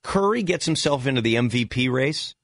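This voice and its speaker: A man's voice: medium pitch, lively intonation, a little fast, fairly bright tone, dry recording. A man co-hosting sports talk radio in a studio, needling the others with pointed questions.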